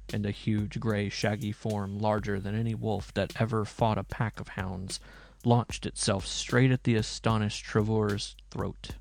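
Male narrator, low voice, gravelly, dramatic storybook reading, faint music behind.

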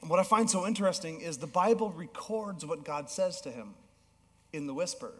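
A male pastor preaching a sermon, telling a story with animated swings between emphatic peaks and low, soft passages. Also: normal speed. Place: church auditorium. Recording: long hall reverb.

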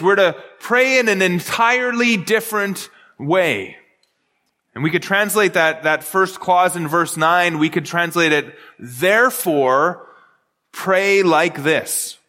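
Bright high-voiced male pastor in a reverberant hall. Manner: earnest teaching with frequent restarts. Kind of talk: sermon.

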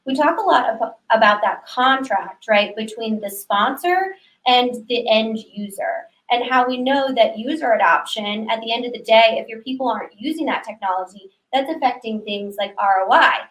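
A woman speaks as a guest in a business conversation, explaining her ideas with confidence. Her voice is a little higher than usual, and the room around her has a clear echo. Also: moderate pace, few pauses, a bit bright. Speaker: guest, digital transformation consultant. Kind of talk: casual business chat.

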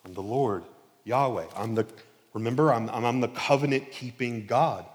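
A man's voice: medium pitch, normal speed, big-room sound, lightly acted. A man voicing a solemn, reproachful male deity, speaking in an earnest and insistent way.

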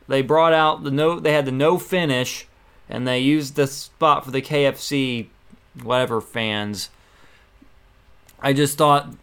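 Opinionated man recapping wrestling, smooth voice. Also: mid-range voice, fairly bright tone. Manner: opinionated, exasperated asides. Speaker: wrestling show reviewer. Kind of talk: casual recap commentary.

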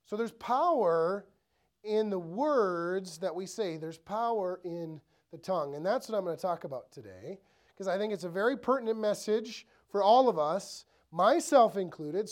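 A man's voice: sits high, a little mellow. Conversational man preaching a sermon. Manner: conversational, asks the room rhetorical questions; acts out inner thoughts in quoted voices. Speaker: pastor. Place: church.

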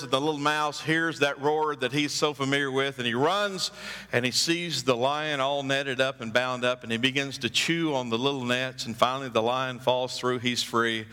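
A man preaching a sermon emphatically, acting out story voices and building to loud, high climaxes. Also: long reverb tail. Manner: acts out story voices with drawn-out phrases. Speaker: pastor.

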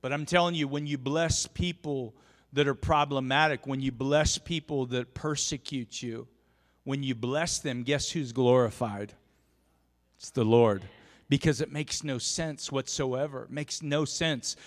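Animated pastor preaching in a reverberant church. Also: male voice, mid-range voice, measured pace. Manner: animated, shouts in storytelling peaks. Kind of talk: sermon with storytelling. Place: church sanctuary.

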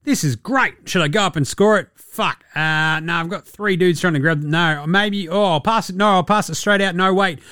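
A man's voice: high voice, normal speed, hardly any pauses, bright, forceful tone, no echo, studio quality, pitched above the performer's own voice. A man acting out the frantic inner monologue of a panicking basketball player. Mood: panicked. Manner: frantic, flustered self-talk with swearing. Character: panicking young male basketball player thinking aloud.

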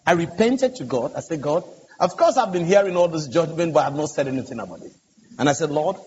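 A man, a pastor on a conference panel, telling a story earnestly and emphatically, acting out the dialogue. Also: on the high side. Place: large conference hall. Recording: dull, echoey conference hall audio with hiss.

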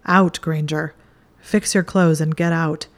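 A woman's voice: deep voice, steady tone, slow pace. Draco Malfoy: a sardonic young wizard, as a woman reader puts him on. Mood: stern. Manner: dry, clipped, commanding. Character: sardonic arrogant young male wizard student. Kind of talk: audiobook narration.

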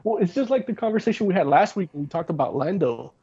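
A man's voice: high voice, expressive, fast talker, warm tone, breathy edge. A man hosting a podcast in casual chat, rambling and hesitant with lots of restarts. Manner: rambling, full of fillers and restarts. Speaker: podcast host. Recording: slightly dull lo-fi sound.

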